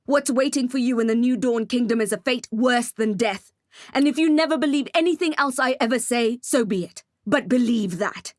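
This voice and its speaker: A stubborn young vampire man pleads with steady, earnest firmness in an audiobook scene, voiced by a woman narrator. The voice sits fairly high and close, in a dry, deadened studio sound with no room echo. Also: normal speed, lightly acted. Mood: pleading. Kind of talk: audiobook character voice.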